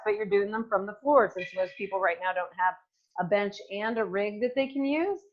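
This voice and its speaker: Working out at home on a hardwood floor, a woman coach shows exercises and encourages the viewer, using lots of fillers. She speaks briskly at medium pitch, and the audio from her new microphone sounds dull.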